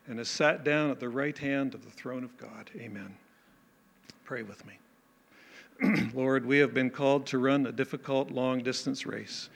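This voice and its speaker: A man preaching a sermon, telling a story, then closing in prayer, earnest and clearing his throat often. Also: mid-range voice, fairly bright tone. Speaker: pastor.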